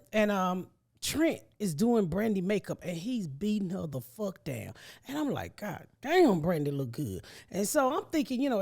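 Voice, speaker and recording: A middle-aged woman, telling stories as a podcast host, animated and profane, laughing often. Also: a little high. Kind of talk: casual storytelling chat.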